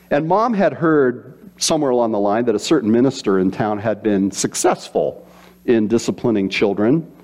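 A man preaching a sermon, telling stories with acted-out quotes and voices. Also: mid-range voice. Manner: animated storytelling with voiced quotes. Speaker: pastor.

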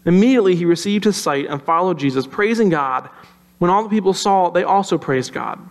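A man with a high voice preaches a sermon. He talks conversationally and tells the story with animation. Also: lively intonation, fairly quick. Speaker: pastor.

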